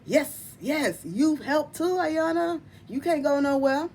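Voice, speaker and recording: A woman hosting her tarot channel, chatting casually to viewers in an animated, emphatic way, laughing often and calling them y'all and honey. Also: high-pitched, takes it slowly, a little hiss or hum. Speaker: tarot reader and channel host.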